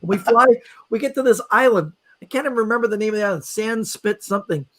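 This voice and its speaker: Man, high-pitched, middle-aged, magician guest, animated storyteller, podcast mic. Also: fast. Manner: lively anecdotal telling with acted-out quotes.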